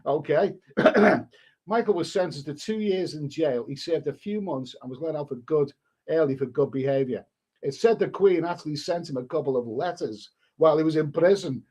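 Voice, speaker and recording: A man's voice: fairly high pitch, moderate pace, a little mellow, slightly rough. A man hosting a live stream, reading a story aloud in a casual way and breaking off to answer the chat.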